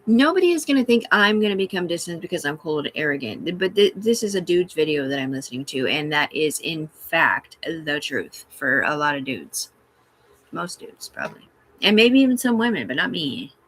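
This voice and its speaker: A woman's voice: deep voice, very animated, moderate pace, fairly bright tone, no room sound. A woman rambling and swearing casually on a live stream from her room, talking back to her chat. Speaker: livestreamer.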